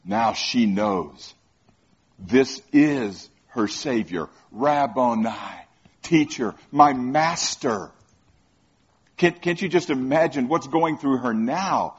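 A man's voice: on the high side, husky, muffled recording. A man preaching a conversational sermon who keeps asking the listeners questions and often repeats his words.

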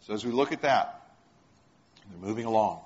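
A man's voice: lowish voice, lively intonation, moderate pace. A man preaching a sermon, retelling stories and putting questions to the congregation. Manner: storytelling, asks the congregation questions. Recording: dull lo-fi sound.

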